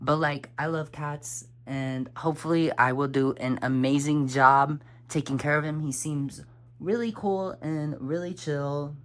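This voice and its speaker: A woman's voice: steady tone, a little slow. Chatty young woman rambling while tidying. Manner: rambling, filler-heavy, candid and swearing; drops to a soft, low voice when talking about her fears. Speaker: vlogger. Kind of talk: casual chatty vlog talk.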